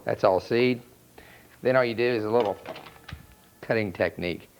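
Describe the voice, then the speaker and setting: A man with a North Carolina accent, a chef talking through a cooking demonstration in a relaxed, plainspoken way. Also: on the low side, normal speed, background noise. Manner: relaxed, plainspoken, step-by-step instruction. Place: outdoor charcoal grill by a house. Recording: dull lo-fi VHS recording.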